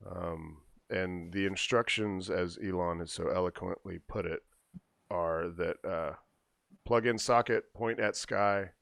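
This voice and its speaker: Relaxed low-voiced podcast host. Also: male voice, takes it slowly, vocal fry, dry recording, studio quality. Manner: relaxed, explaining tech news to co-hosts. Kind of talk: casual chat.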